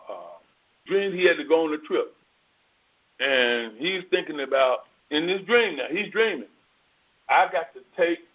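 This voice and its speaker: A man giving a casual, storytelling sermon as a spiritual teacher, colloquial and animated, acting out his own dialogue. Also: fairly high pitch. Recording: dull lo-fi recording.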